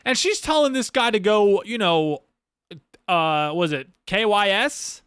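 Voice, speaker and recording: A man's voice: sits high, expressive, unhurried, fairly bright tone, clean tone, no room sound, studio quality. A young man talking casually on a livestream, blunt and profane, rambling with lots of fillers and restarts. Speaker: streamer; Marine.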